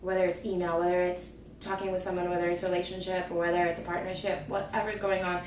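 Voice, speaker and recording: A woman's voice: fairly low pitch, level tone, quick pace, a little mellow, reverberant, far from the mic, a little hiss or hum. A woman and trapeze instructor giving a rambling, upbeat motivational talk to her viewers. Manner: chatty, rambling, upbeat, lots of "like". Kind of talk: casual motivational talk to camera.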